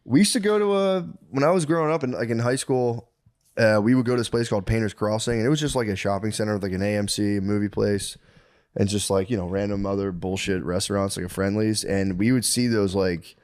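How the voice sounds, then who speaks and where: A man co-hosting a podcast, telling loose, laughing stories in casual chat with quick put-on quotes. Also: on the low side, darkish tone. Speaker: podcast co-host.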